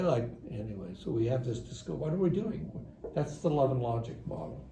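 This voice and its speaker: Older man, gravelly, echoey hall. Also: medium pitch, sing-song, brisk, mellow. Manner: conversational, dry ironic humor. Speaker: seminar speaker, psychologist. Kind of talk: church parenting seminar talk. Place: church hall. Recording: echoey hall with faint room noise.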